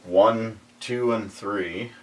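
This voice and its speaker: A middle-aged man talks through a collection in an unhurried, drawn-out way. His voice sits on the low side, and he chuckles easily as he recalls things in casual shop chat. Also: far from the mic, slight background noise. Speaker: record shop collector showing albums.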